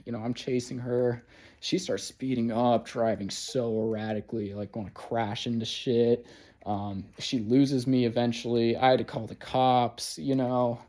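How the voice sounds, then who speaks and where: A man's voice: mid-range voice, little pitch movement, a little slow, mellow. A man telling a personal story in a casual, rambling monologue, swearing often and filling gaps with "like" and "you know". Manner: rambling, profane, heavy on fillers. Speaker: vlogger.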